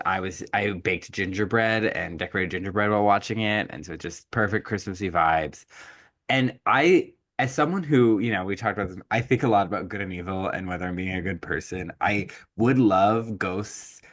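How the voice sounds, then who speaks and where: A man co-hosting a podcast, chatting casually. He rambles in an earnest way, with a fairly low voice. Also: a bit bright. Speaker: podcast co-host. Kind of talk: casual chat.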